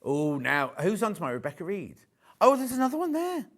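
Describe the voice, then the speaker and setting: A man's voice: high voice, huge pitch swings, fairly quick, fairly bright tone. A man presenting a live shopping channel show from a studio, chatty and jokey, selling fabrics and reading out viewer messages. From United Kingdom.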